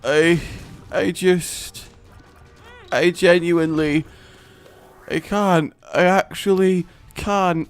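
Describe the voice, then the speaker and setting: Exasperated gamer man, slow dry delivery. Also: on the high side, smooth, no room sound, faint music behind. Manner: exasperated, breaks into shouts and laughing fits. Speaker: gaming commentator. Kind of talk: let's play commentary.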